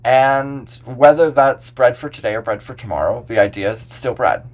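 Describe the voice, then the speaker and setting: A man's voice: medium pitch, normal speed. A man, a pastor, talking casually on a podcast, explaining scripture verse by verse with a loose, filler-heavy manner.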